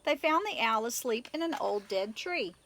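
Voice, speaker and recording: A woman reading a children's picture book aloud in an expressive, animated way. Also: a little high, normal speed. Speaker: storyteller.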